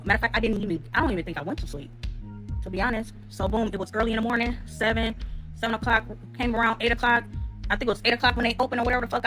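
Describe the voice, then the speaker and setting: A woman telling a personal story in casual speech, rambling with fillers and swearing freely. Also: on the high side. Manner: rambling with many fillers, acts out quotes loudly. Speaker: storyteller in a reaction clip. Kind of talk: casual storytime, profane and candid.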